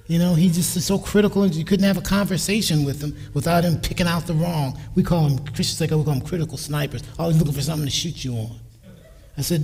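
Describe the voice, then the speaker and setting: A man's voice: a little high, quick pace, dark tone. A man in his sixties giving a church talk on parenting, telling family stories and acting out their lines. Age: 60s. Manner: anecdotal, quotes family in his own voice. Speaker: speaker at a church. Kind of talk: sermon on parenting. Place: church sanctuary. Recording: reverberant church hall.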